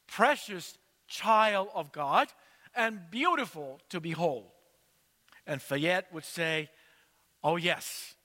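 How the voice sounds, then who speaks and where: Slow, bright-voiced male preacher. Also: on the high side, big-room sound. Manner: slow, measured storytelling. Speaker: pastor. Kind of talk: sermon.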